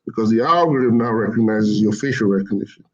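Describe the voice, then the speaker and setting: A man's voice: on the low side, quick pace, lo-fi sound. A man explaining machine learning in casual talk, rambling and repeating himself as he corrects his words. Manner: rambling, repeats phrases, self-corrects often.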